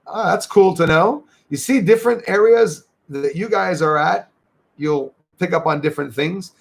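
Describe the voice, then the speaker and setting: A man's voice: sits high, normal speed, vocal fry. A Canadian man hosting a casual livestream, chatting loosely and thanking viewers by name as he reads their comments. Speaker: livestream host.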